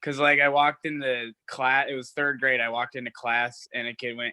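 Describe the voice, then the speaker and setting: A man of twenty performing a stand-up set, self-deprecating and halting, with lots of fillers. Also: mid-range voice, level tone, bright, forceful tone, clean tone, no room sound. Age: 20s. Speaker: stand-up comic. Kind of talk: stand-up set over a video call.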